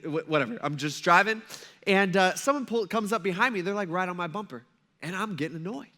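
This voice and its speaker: A man's voice: on the high side, sharp tone. A young man preaching as a pastor in a church, telling personal stories in a loose, conversational way with lots of asides to the congregation. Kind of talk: sermon. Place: church sanctuary.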